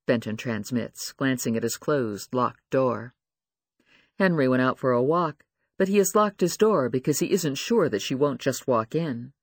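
Man narrating an audiobook, lively pitch, dry close sound. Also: gravelly, dry recording. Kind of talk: scripted narration.

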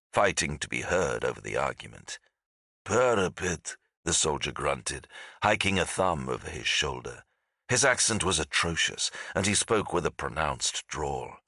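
A man with a very low yet bright, forceful voice narrates a fantasy audiobook in a measured, dramatic way. His pitch moves expressively through each sentence, and the recording is dry and close. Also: no room sound.

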